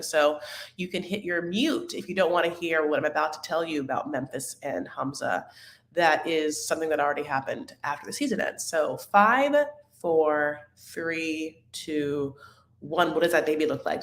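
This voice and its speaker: Gossipy woman in an echoey room. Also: low-pitched. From Arab-American. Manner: catty, dramatic, gossipy with sudden loud outbursts. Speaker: podcast host recapping a reality show. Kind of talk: casual recap chat.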